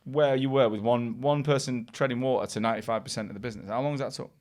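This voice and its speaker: A British man hosting a business podcast, chatting quickly with banter and encouraging questions. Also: mid-range voice, fairly even intonation, darkish tone. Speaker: podcast host. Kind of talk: casual interview podcast.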